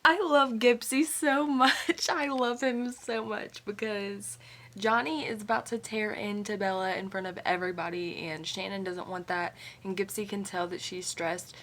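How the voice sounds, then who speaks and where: A young woman chatting casually about a book she is reading, excitable and gushing, laughing often and peppering her talk with "like". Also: medium pitch, normal speed, a little hiss or hum. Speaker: book vlogger. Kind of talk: casual reading vlog chat.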